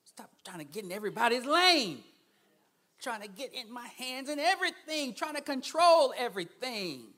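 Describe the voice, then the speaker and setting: Animated bright-voiced male preacher. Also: very high voice, normal speed. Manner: animated, swings between hushed asides and loud emphatic bursts. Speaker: guest preacher. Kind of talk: sermon.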